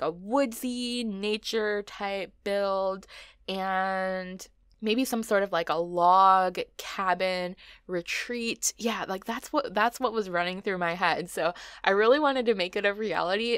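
A woman's voice: mid-range voice, fairly bright tone, dry recording. A woman talks over her own building video in a casual, rambling way, often wandering off on tangents and poking fun at herself. Her voice sits in an ordinary middle range, and the recording is close and dry, with no room sound. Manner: rambling and self-mocking, with frequent laughs and tangents. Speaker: gaming channel host.

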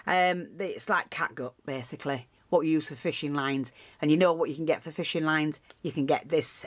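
A woman's voice: lowish voice, dry recording. A woman giving a casual, rambling craft tutorial, full of asides and restarts.

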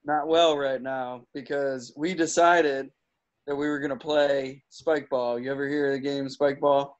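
A man co-hosting a casual podcast, telling a story in a relaxed way. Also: mid-range voice, unhurried. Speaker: podcast co-host. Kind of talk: casual chat. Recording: dull lo-fi sound.

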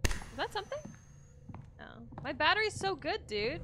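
A woman streaming a horror game live, excitable and swearing, yelping when scared. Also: very high-pitched, moderate pace, long pauses. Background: game music.

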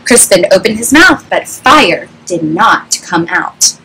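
A woman reading a children's story aloud with an animated, expressive delivery, recorded on a webcam. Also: mid-range voice, takes it slowly, few pauses, a little hiss or hum, rough recording.

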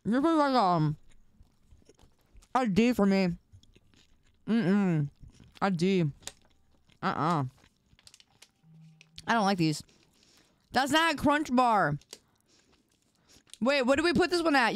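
A woman's voice: medium pitch, very animated, takes it slowly, pauses often, clean tone, no echo. A young woman streaming live, chatting playfully and teasing her viewers while she eats. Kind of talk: casual live-stream chat.

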